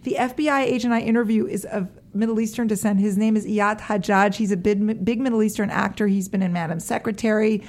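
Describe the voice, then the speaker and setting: A woman's voice: mid-range voice, steady tone, fairly quick, few pauses, a little mellow. A woman guest chatting about her acting work, talking in a loose, chatty way with frequent laughs. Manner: chatty, laughs often, says "like" a lot. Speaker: actress guest. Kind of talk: casual interview chat.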